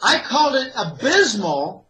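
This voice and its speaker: A man's voice: very high-pitched, sing-song, measured pace, sharp tone, rough recording. A man from the Pittsburgh area, a financial analyst giving opinionated interview commentary in an emphatic, rambling way, listing point after point. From Pittsburgh area, USA.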